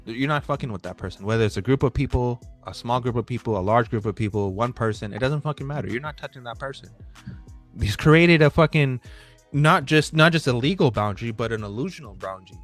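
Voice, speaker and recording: A man's voice: medium pitch, lively intonation, fast, fairly bright tone, soft background music. A man co-hosting a casual chat, heated and rambling, swearing often as he presses his points. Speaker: podcast co-host.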